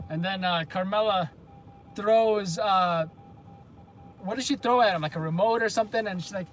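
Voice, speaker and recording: High-voiced man rambling on a live stream. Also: moderate pace, long pauses, a little hiss or hum. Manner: rambling, off-the-cuff, chatty. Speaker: host of a live news channel stream. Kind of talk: casual live-stream chat with viewers.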